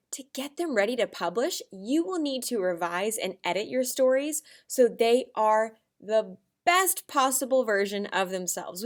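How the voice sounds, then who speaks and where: An expressive woman teacher talks young children through a lesson. Her voice is a touch high and swoops widely as she acts out examples for the class. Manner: animated, expressive, acts out examples with big voice shifts.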